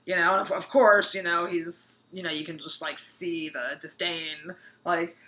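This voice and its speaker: A woman's voice: fairly low pitch, fairly even intonation, normal speed, pushed and bright, a little hiss or hum, poor audio. A woman in her thirties telling a personal anecdote casually, rambling and full of fillers. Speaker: storyteller.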